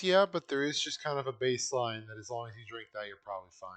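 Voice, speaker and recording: A man's voice: mid-range voice, lively intonation, quick pace, a bit bright, dry recording. A man giving casual, wry live commentary to his chat while playing a game. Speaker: game streamer.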